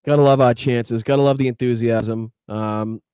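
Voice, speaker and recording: A man's voice: medium pitch, steady tone, moderate pace. A man with a Boston accent hosting a political podcast live, talking bluntly and with fired-up profanity. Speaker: podcast host. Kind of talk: live-stream political commentary.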